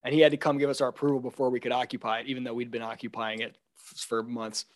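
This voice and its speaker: A man hosting a casual podcast conversation, telling animated stories and acting out quotes with laughter. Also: mid-range voice, fast. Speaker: podcast host. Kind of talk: casual chat.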